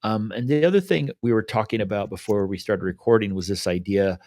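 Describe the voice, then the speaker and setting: A man's voice: fairly low pitch, fairly quick, darkish tone, dry recording, clean studio sound. A man co-hosting a podcast, talking in a laid-back, reflective way and retelling a parable with voiced asides. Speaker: podcast co-host. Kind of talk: casual reflective chat.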